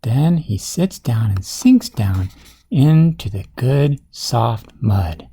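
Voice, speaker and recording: A man's voice: medium pitch, sing-song, slow pace, mellow, slightly rough. A man reading a storybook aloud at bedtime, with playful asides to a child listener. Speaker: storybook reader.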